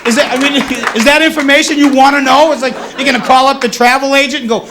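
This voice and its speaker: Captured on a 1980s cable TV taping full of crowd laughter, this man in his thirties from around Boston performs self-mocking, wry stand-up at a comedy club. He talks fast in a very high-pitched voice with fairly even intonation, and the background is noisy.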